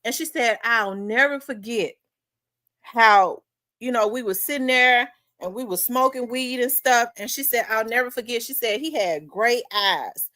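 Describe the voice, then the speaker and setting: A woman talks through a story in a loose, conversational way, circling back and repeating her points. Her voice sits a little high. The recording is dry and close, with no room sound. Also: unhurried, pushed and bright, no room sound. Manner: conversational, repeats herself, winding asides. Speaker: host. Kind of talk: casual chat, storytelling.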